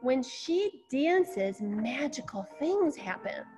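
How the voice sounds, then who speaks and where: Proud old dad in a fairy tale, a woman doing him, high and slow. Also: big pitch swings, darkish tone, soft background music, heavily acted. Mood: eager. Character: nice older gentleman, proud father.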